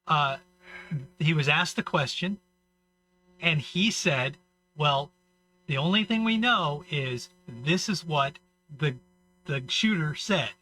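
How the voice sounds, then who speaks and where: A man's voice: a little high, sharp tone, rough recording. A man co-hosting a comedy podcast, telling rambling stories in casual banter and acting out the people he quotes. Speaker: podcast co-host.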